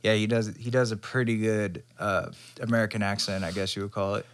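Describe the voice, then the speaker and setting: A man's voice: lowish voice, fairly even intonation, a little fast. A man co-hosting a podcast, chatting casually in a laid-back, agreeable way. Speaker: podcast co-host. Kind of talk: casual chat.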